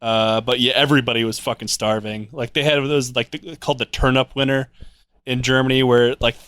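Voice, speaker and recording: Smooth-voiced man, offhand and sardonic. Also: medium pitch, steady tone, brisk, fairly bright tone, no echo. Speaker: podcast co-host. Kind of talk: casual chat.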